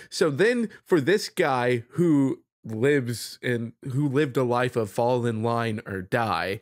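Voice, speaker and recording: A man co-hosting a casual lore podcast, taking his time as he explains things. He speaks slowly, rambles a little, and sounds close and dry. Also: mid-range voice, animated, no echo. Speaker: podcast co-host.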